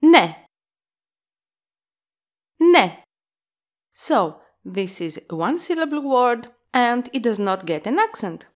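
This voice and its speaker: Woman, language teacher, slow lively delivery, stresses example words. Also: a little high. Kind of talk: scripted language lesson.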